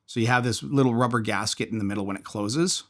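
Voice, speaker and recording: A man's voice: medium pitch, fast, fairly bright tone. A man casually reviewing and taking apart a small fidget toy, thinking aloud as he tinkers. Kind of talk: casual product teardown.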